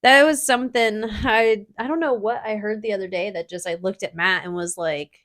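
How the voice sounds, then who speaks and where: A woman's voice: medium pitch, normal speed, few pauses, a bit bright. A woman co-hosts a casual podcast in a mid-range voice. She talks bluntly and animatedly, tossing in swear words as she pushes her point. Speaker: podcast co-host.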